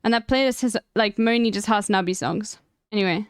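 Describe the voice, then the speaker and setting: Smooth-voiced woman chatting on stream. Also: medium pitch, brisk, no echo, studio quality. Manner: rambling, emphatic, profane. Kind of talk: casual stream chat.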